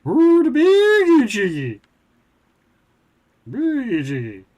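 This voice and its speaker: A man's voice: very high voice, wildly swooping pitch, drawn-out words, a little mellow, pitched above the performer's own voice, exaggerated voice. A man doing an impression of the Swedish Chef, a bumbling Muppet cook babbling sing-song mock-Swedish gibberish in a raised voice. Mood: silly.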